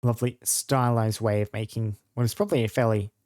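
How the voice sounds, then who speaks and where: A man's voice: on the low side, fairly even intonation, fairly quick, a little mellow, no room sound. A man chatting casually while playing through a video game, musing aloud about the story. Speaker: let's play host. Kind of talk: casual gameplay commentary.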